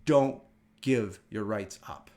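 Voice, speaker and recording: A middle-aged man from the United States hosting a casual wellness talk, telling stories with animated energy and frequent laughter. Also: fairly low pitch, slow pace. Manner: animated storytelling, laughs often. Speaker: wellness show host. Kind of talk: casual chat.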